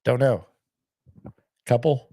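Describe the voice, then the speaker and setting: A man hosts a sports channel in a casual, unscripted talk, answering viewers with blunt skepticism. His voice sits at an ordinary middle pitch, and he keeps restarting his sentences. The recording is dry, with no room echo. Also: takes it slowly, warm tone, slightly rough. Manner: blunt, skeptical, repeats himself, frequent restarts.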